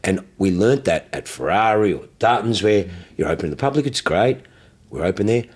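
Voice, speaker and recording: An Australian man in the car trade telling stories in loose chat. He is blunt and profane, and his pitch rises and falls a lot as he tells them. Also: fairly quick, husky. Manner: blunt, profane, animated anecdotes. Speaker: car dealer. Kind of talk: casual chat, storytelling.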